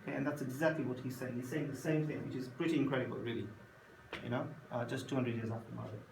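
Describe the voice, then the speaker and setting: A man teaching a class, telling a story in lively acted voices and often asking if the class follows. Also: medium pitch, rapid-fire. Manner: storytelling, acts out voices, checks understanding often. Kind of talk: class lecture. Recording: echoey room from a distance, faint noise.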